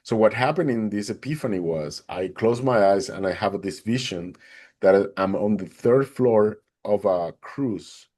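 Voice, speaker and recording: Guy on a podcast telling what happened to him, lowish voice, acts out everybody's lines. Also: measured pace. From Atlanta, Georgia, USA. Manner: animated, acts out the other people's lines in a raised voice. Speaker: podcast guest. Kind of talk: personal storytelling.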